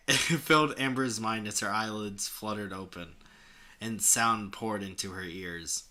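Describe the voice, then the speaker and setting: A young man reads a clumsy fan story aloud, stopping often to joke about it. His voice sits low but sounds very bright and forceful, and he laughs and swears as he goes. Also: measured pace. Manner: sarcastic, laughs often, swears, breaks off to comment. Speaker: host reading fan fiction aloud. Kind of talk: mocking dramatic reading with banter.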